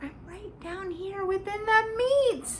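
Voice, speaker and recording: A woman reading a storybook aloud, voicing a tiny, cheeky boy in a shrill, squeaky cry. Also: slow, a bit bright, a little hiss or hum, exaggerated voice. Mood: shrieking.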